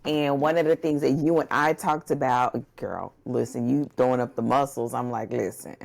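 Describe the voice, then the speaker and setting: A woman's voice: rumbling low, fairly even intonation, normal speed, creaky, darkish tone. A woman co-hosting a podcast as a book coach, chatting casually with lots of fillers and "y'all, listen". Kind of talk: casual chat.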